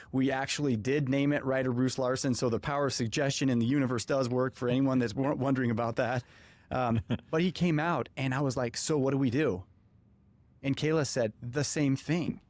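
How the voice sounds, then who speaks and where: A man hosting a podcast, telling a personal story in an animated way and acting out the dialogue. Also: medium pitch, no room sound. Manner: animated, acts out quoted dialogue. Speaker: podcast host. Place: podcast studio.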